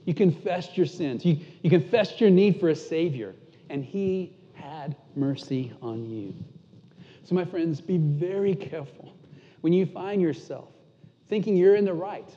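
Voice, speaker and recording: A man preaching a sermon and telling a candid, self-deprecating story. At tender moments he drops almost to a hush. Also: high voice, measured pace. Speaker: pastor. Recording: muffled sound with long hall reverb.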